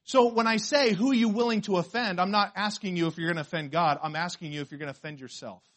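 High-voiced man preaching a sermon. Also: fast talker. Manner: emphatic, rhetorical questions, swings from quiet to loud. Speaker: pastor.

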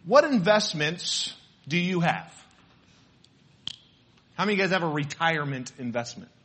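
A male preacher delivers a sermon in a chatty, storytelling way. His voice sits high and bright with a husky grain. He keeps turning to the congregation with questions. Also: expressive, normal speed. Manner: conversational, asks the congregation questions. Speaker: pastor.

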